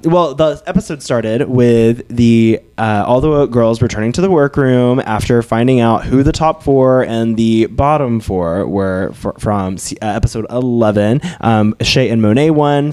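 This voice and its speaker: A man co-hosting a podcast in casual chat, animated and quick to laugh, swearing freely. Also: mid-range voice, smooth. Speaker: podcast co-host.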